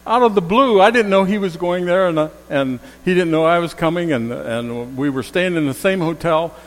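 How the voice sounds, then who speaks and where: A pastor with a fairly high voice preaches at a moderate pace, telling stories and acting out what people said. He repeats key phrases with rising emphasis, and the sound carries a long hall reverb.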